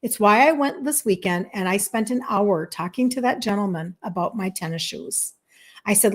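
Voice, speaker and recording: A woman's voice: mid-range voice, normal speed. A woman in her fifties, a health coach, talking to viewers in a chatty, emphatic way and laughing often. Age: 50s. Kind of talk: casual monologue to viewers.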